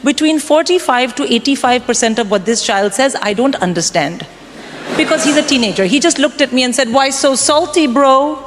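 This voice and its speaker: A woman in her forties performing a stand-up comedy set, delivering wry, deadpan punchlines to a crowd. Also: a little high, brisk. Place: comedy club stage. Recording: live room with long reverb and background noise.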